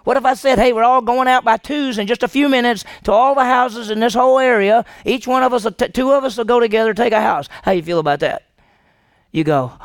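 A man preaching a sermon to his congregation, animated and asking the room questions. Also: very high-pitched, creaky, dry recording, clean studio sound. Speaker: pastor. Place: church sanctuary.

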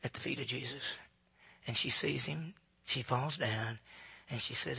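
A male pastor preaching with a very husky, gravelly voice and a sharp, tense edge. His delivery is dramatic, rising to loud emphasis and dropping to hushed, breathy near-whispers. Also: medium pitch, measured pace, pauses often. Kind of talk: sermon, Bible teaching.

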